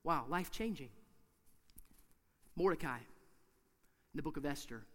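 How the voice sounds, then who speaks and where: A man preaching a sermon in a church, emphatic and repetitive, swinging from hushed to loud. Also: on the high side, animated, normal speed, big-room sound.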